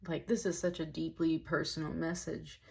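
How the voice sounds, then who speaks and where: A woman with a low-pitched voice talks through a tarot reading in a loose, rambling way. She sounds emotional and slightly tearful, and she keeps dropping in "like" and "y'all" as she goes. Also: level tone, moderate pace, creaky, a little mellow. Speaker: tarot reader. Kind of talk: casual spoken tarot reading.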